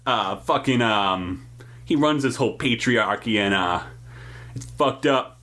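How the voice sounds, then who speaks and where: A man's voice: mid-range voice, a little slow, bright, forceful tone, pitched below the performer's own voice. A man playing a jaded, foul-mouthed vampire who works at a grocery store, rambling through complaints in improvised comedy storytelling. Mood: griping. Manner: rambling, swearing, shrugging complaints.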